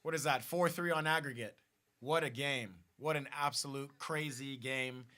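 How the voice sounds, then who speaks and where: Excitable man hosting a football stream. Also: mid-range voice, moderate pace. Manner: excitable, repeats and restarts, talks to viewers directly. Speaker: host of a football watch party stream. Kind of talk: casual live-stream chat.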